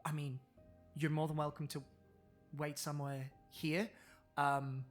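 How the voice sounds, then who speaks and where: A game master voicing a courteous kobold temple cleric who speaks haltingly, with many pauses and ums. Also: medium pitch, little pitch movement, soft background music, lightly acted. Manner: polite, halting, full of ums.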